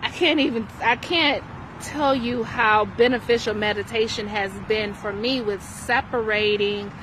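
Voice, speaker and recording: A young woman speaks slowly and conversationally, giving a self-healing lesson as if chatting with a friend. Her voice sits fairly high for a woman, and she keeps asking "right?" to draw the listener in. The recording was made outdoors, with passing traffic plainly audible behind her. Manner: conversational, checks in with "right?" often. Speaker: spiritual self-healing teacher. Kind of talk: casual motivational talk to camera.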